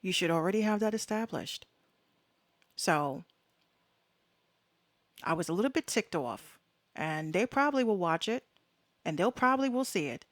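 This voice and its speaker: A woman's voice: medium pitch, lively intonation, moderate pace, long pauses, no echo. A woman hosting her own podcast, giving blunt, fired-up opinions in slangy, frank talk with plenty of swearing. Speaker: podcast host. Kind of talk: casual solo talk.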